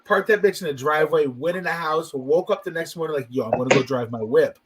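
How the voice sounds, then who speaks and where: A man co-hosting a podcast, swearing freely as he tells animated stories in casual chat. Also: fairly high pitch, quick pace, very noisy. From Canada. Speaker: podcast co-host.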